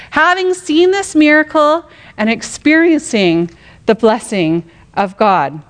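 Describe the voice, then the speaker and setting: A middle-aged woman with a high-sitting voice gives a conversational Bible teaching. She's animated, asks lots of rhetorical questions, and now and then acts out quotes dramatically.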